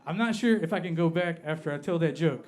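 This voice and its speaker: A man from Appalachia with an American Appalachian accent, performing a stand-up comedy set on a club stage and drawing out his punchlines deadpan. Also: fairly high pitch, fast talker. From Appalachia, United States.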